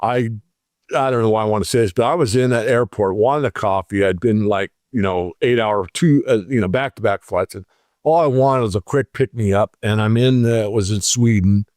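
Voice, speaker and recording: A man's voice: lowish voice, moderate pace, a little mellow, dry recording, clean studio sound. A man, an interview guest, telling an everyday story in casual talk, acting out both sides of the conversation.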